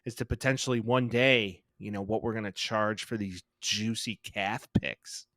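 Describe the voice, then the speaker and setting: A man's voice: lowish voice, fairly even intonation, moderate pace, a bit bright, no room sound, studio quality. A man co-hosting a casual sports podcast, loose and joking. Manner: loose and joking, trails off with fillers. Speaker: podcast co-host.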